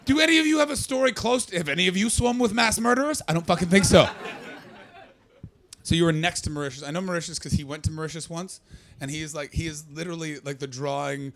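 Canadian-born comic guy, kinda high voice with some gravel, sarcastic and fired up. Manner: excitable, sarcastic, quick asides to the crowd. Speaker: stand-up comedian. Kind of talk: stand-up comedy set.

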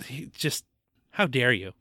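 A man's voice: medium pitch, big pitch swings, measured pace, pushed and bright, no room sound, clean studio sound. A man co-hosting a casual movie-review podcast, joking and recapping the plot with stumbles and laughs. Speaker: podcast co-host.

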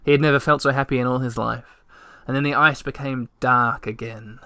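A man reading a storybook aloud with gentle, measured narration. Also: medium pitch, steady tone, no room sound, clean studio sound.

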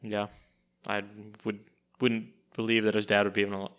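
A man's voice: lowish voice, completely flat delivery, moderate pace, a bit bright, clean tone. A young adult man hosting a casual podcast chat, dry and laid-back as he runs the segments. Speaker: podcast host.

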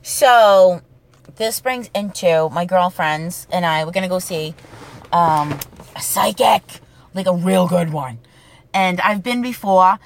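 Woman in her forties, swears a lot, casual rambling storyteller. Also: mid-range voice. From New England. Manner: profane, rambling, goes off on tangents.

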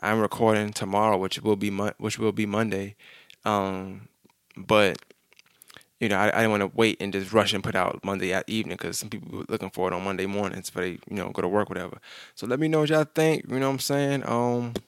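A man's voice: fairly low pitch, steady tone, brisk, clean tone, no echo, clean studio sound. A man hosting a podcast in a laid-back, loose way, laughing easily. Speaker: podcast host. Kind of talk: casual podcast chat.

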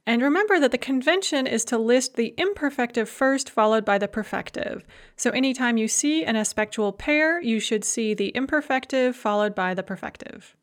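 A woman with a slightly higher voice teaches a grammar lesson. She lays out each rule patiently and step by step. She slows down to say the example words carefully. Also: animated. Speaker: language teacher.

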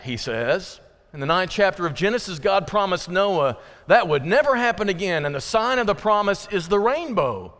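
High-voiced man preaching in a reverberant church. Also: very animated, moderate pace, fairly bright tone. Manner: conversational, folksy preaching with asides to the congregation. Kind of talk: sermon. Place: church sanctuary. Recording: long reverb of a church hall.

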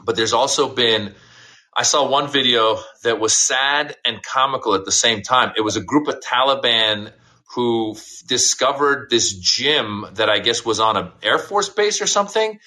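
A man's voice: mid-range voice, moderate pace, pushed and bright. A man co-hosting a casual talk show, speaking bluntly and heatedly with many restarts. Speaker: podcast co-host. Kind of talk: casual political discussion.

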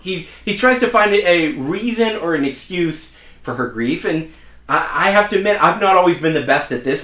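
A man's voice: on the high side, fairly bright tone. A young adult man preaching a sermon, earnest and conversational, mixing personal stories with scripture. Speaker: pastor. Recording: echoey room.

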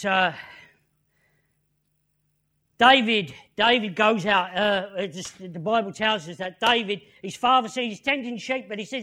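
Male preacher, very high pitched, sharp tone; storytelling sermon delivery with repeated lines and call-outs to the room. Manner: repeats phrases, calls "listen" and "yeah?" to the crowd.

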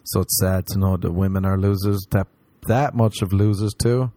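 Guy on a podcast telling dirty stories, lowish voice, dry close sound. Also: fairly even intonation, moderate pace, mellow, dry recording. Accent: non-local, remarked on by others. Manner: crude joking, mimics others in high voices. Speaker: podcast host. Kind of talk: casual storytelling chat.

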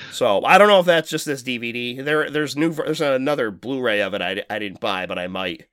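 A man talking loosely on a podcast, rambling from one point to the next, with lots of swearing and quick laughs. His voice sits in a middle register and sounds dry and close to the mic. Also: medium pitch, lively intonation, fairly bright tone, clean tone, no echo. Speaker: podcast co-host. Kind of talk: casual chat.

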